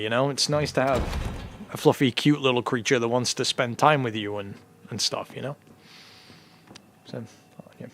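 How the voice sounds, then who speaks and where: A young man talks loosely over his gameplay, drifting between thoughts and leaning on "you know" as he goes. His pitch sits in an ordinary middle range, and his delivery stays easygoing and conversational. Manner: rambling, relaxed, peppered with "you know". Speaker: streamer playing a horror game. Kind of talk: casual let's-play chat.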